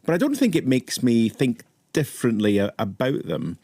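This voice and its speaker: A man with a Highland Scottish accent chatting as a panel guest, telling good-humoured stories. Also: big pitch swings, normal speed, warm tone, no room sound, clean studio sound. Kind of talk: casual chat.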